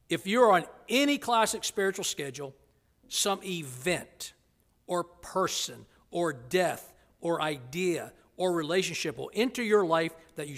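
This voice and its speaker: A man preaching a sermon to his congregation, swinging from loud emphasis to hushed near-whispers, with playful asides. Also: a little high. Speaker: pastor. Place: church sanctuary.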